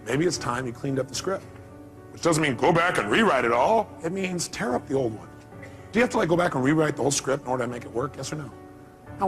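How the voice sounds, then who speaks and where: A man delivers a motivational seminar with a high-pitched, emphatic voice. He keeps firing rhetorical questions at the crowd, and soft music plays underneath. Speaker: motivational speaker. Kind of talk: live seminar talk.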